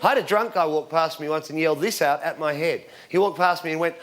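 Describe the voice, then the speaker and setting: A man in his forties doing a stand-up routine on stage, telling rambling deadpan stories with fillers and shouting out the punchlines. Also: on the high side, brisk. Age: 40s. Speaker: stand-up comedian. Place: comedy stage before a live audience. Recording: loud crowd laughter and applause, background noise. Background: audience laughing and clapping.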